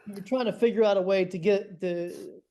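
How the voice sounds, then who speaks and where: A man with a high-pitched voice hosts an interview over a video call. He talks in broken starts, with fillers as he stops to sort things out. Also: steady tone, dark tone. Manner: halting, restarts with fillers. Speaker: podcast host.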